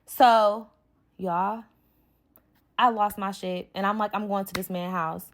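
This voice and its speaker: A young woman telling a story in a vlog, heated and profane, full of "like" and quick asides. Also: medium pitch, fairly even intonation, slight background noise.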